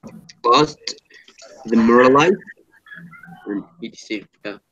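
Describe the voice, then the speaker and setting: Halting male student on a muffled call. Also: medium pitch, a bit bright, dry recording. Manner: halting, clears throat often. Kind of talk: reading aloud in class. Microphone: video call.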